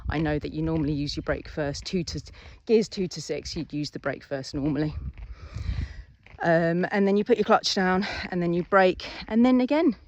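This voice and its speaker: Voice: mid-range voice, normal speed, dry recording. A driving instructor, giving a casual, chatty lesson and acting out little scenes along the way.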